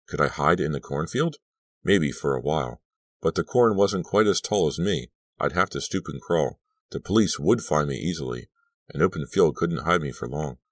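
A man reading an audiobook aloud as first-person narration, steady and measured. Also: very deep voice, no echo, studio quality. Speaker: audiobook reader.

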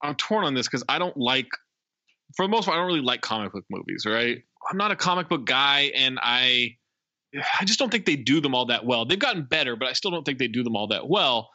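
Opinionated podcast host guy, brightish voice, lively, kinda muffled dry recording. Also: mid-range voice, fairly quick, no echo. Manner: emphatic, opinionated, laughs often. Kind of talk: casual movie review chat.

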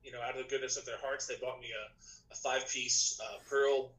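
A man, a podcast guest and musician, telling his story in casual chat, rambling with many restarts, his voice slightly rough tonight. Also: medium pitch, fairly even intonation, fairly quick, a bit bright, poor audio. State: slightly rough voice, clearing throat.

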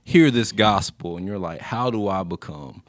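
A man's voice: lowish voice, moderate pace, no room sound, clean studio sound, close to an everyday voice. A man playing a swaggering bro-culture sinner in a comedy sketch, with a smug, boastful, laid-back manner.

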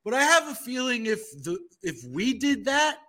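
A man's voice: very high-pitched, very animated, normal speed, sharp tone. A man hosting a podcast in casual chat, wry and chatty with hesitant asides. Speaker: podcast host.

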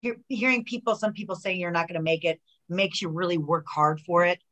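A middle-aged woman, a retired wrestler, chatting as a guest in an interview and telling animated stories with lots of fillers and acted-out quotes. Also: lowish voice, brisk, dull audio, faint music behind. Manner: animated storyteller who acts out quoted dialogue, many fillers and restarts. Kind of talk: casual interview chat.

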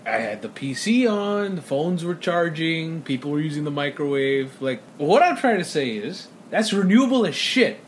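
A young man co-hosting a podcast, chatting casually and telling stories in an animated way, swearing often and laughing a lot. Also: a little high, moderate pace, few pauses, slight background noise. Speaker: podcast co-host. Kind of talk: casual chat.

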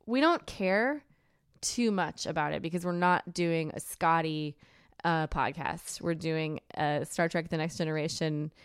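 A young adult woman co-hosting a casual podcast, sarcastic and animated, laughing often as she talks. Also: sits low, a little slow, clear, resonant tone, dry recording, studio quality. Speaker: podcast co-host.

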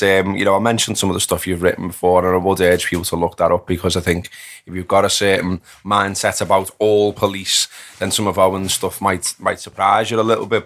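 A man hosting an interview podcast, talking in a relaxed, rambling way as he thinks aloud. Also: on the low side. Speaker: podcast host. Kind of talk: conversational interview.

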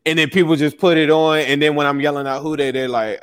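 A man hosting a podcast in casual chat, excitable and playful, laughing often. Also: a little high, fast, clear, resonant tone. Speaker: podcast host.

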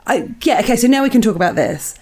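A woman's voice: on the high side, expressive, quick pace, darkish tone. A woman co-hosting a podcast, bubbly and teasing, who chats and reads listener emails aloud. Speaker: podcast co-host. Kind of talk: casual chat, reading listener emails.

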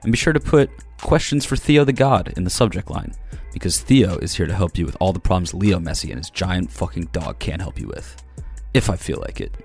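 A man's voice: low-pitched, very animated, a little fast, gravelly, darkish tone, soft background music, full character voice. A man playing a boastful self-styled football guru, brash and full of himself. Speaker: segment character.

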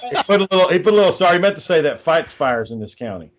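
A man's voice: fairly high pitch, sing-song, racing, background noise. Man, podcast co-host, profane, rambling, reads out texts. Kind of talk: casual podcast chat.

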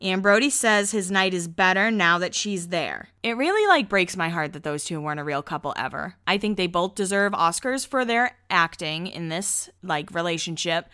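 A young woman talks through a reality show in a loose, gossipy way, acting out what people said and laughing often. Her voice is bright and smooth. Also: lowish voice, lively intonation, moderate pace, few pauses. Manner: chatty, laughs often, acts out quotes. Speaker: podcast host. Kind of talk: casual chat recapping a reality show.

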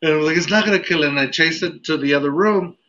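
A man's voice: on the high side, quick pace, bright, forceful tone. A man hosting a casual podcast, telling a story with lots of "like"s and laughs. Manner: laughing, rambling with many "like"s. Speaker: podcast host. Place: lives in Texas. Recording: dull lo-fi sound with faint ambient noise.

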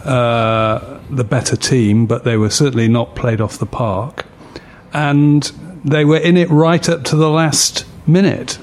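A man on a football podcast panel, giving a measured, reasoned view. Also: medium pitch, darkish tone. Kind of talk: casual football chat.

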